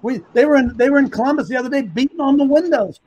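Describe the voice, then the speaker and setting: Guy with a really high voice, preachy host, fires off rhetorical questions. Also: fast talker, a little mellow, breathy edge, dull audio. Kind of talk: casual chat.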